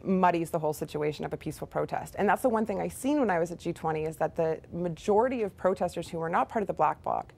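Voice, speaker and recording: Gravelly-voiced woman giving an opinion. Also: fairly low pitch, darkish tone. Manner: deliberate, emphatic. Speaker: interviewee. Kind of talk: interview opinion.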